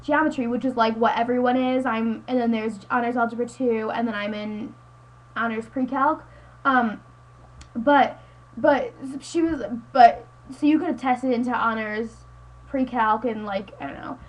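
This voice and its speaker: On a rough recording, a teenage girl with a voice on the high side speaks in a steady tone at normal speed. She's a high school vlogger ranting into her webcam at home, exasperated, rambling, and hooked on the word "like."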